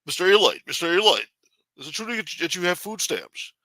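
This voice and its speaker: A man's voice: high voice, very animated, fairly quick, pushed and bright, no echo, pitched above the performer's own voice, exaggerated voice, rough recording. A man putting on a raised voice for a pestering male gadfly who hounds a local official with accusations. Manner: nagging, accusatory.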